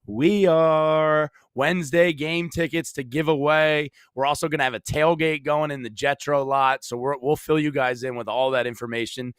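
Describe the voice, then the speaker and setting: A man's voice: fairly high pitch, fairly even intonation, moderate pace, hardly any pauses, clean tone, no room sound, studio quality. A man co-hosting a casual sports show, goofy and playful, hyping things up.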